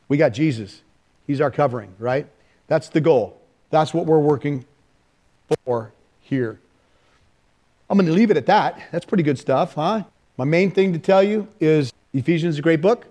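A man preaching an informal church teaching, animated and conversational, with frequent restarts. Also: fairly high pitch. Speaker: pastor.

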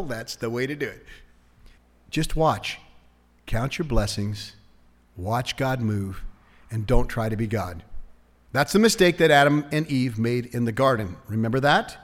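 A man preaching a conversational sermon as pastor, shifting into a soft hush for prayers. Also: mid-range voice, in a large hall.

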